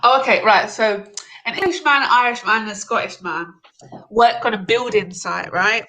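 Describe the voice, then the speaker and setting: A woman's voice: mid-range voice, moderate pace, sharp tone, low-quality recording. A woman hosting a casual livestream, chatty, rambling and laughing often. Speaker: livestream host.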